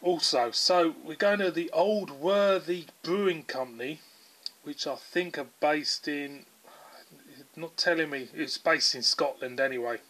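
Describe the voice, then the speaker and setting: A man's voice: a little high, measured pace, a bit bright. A man with a southern English accent, casually reviewing a beer in a rambling, chatty way with lots of fillers. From England.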